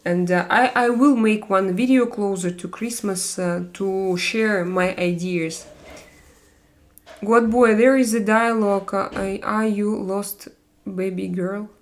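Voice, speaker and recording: Russian-accented woman chatting haltingly on a live stream. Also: medium pitch, steady tone. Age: 40s. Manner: halting, many fillers and restarts, non-native grammar. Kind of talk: casual live-stream chat reading viewer comments.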